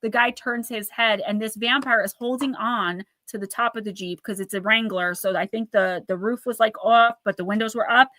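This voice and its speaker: Bright-voiced woman telling a spooky story. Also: on the high side, moderate pace, hardly any pauses, no room sound. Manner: animated, acts out quoted voices while retelling a story. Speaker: host. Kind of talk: casual storytelling on a live show.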